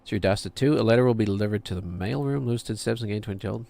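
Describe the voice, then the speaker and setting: A man's voice: lowish voice, fast talker, creaky, dark tone. Man thinking aloud over a game. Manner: thinking aloud, talking to himself and chat. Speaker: game streamer. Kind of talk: casual gameplay commentary.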